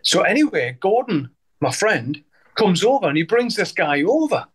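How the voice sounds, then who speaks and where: A man's voice: sits high, very animated, moderate pace, fairly bright tone, husky. A man, telling rambling anecdotes in a casual interview and swearing freely. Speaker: interviewee, musician.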